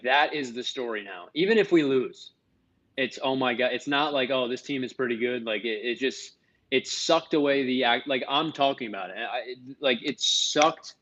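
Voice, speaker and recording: A man's voice: mid-range voice, animated, moderate pace, fairly bright tone. A young man co-hosting a casual sports podcast, talking in loose, rambling bursts that trail off. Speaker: podcast co-host.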